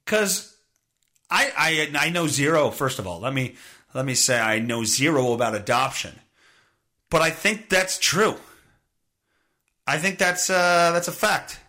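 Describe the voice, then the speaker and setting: A man's voice: a little high, lively intonation, measured pace, long pauses, pushed and bright. A man hosting a podcast, delivering a profane, sarcastic, rambling comedic monologue. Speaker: podcast host.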